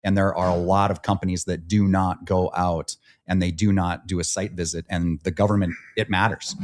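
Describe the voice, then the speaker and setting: A man's voice: sits low, little pitch movement, normal speed. A man talks in a casual podcast conversation. He gives advice in an earnest, direct way.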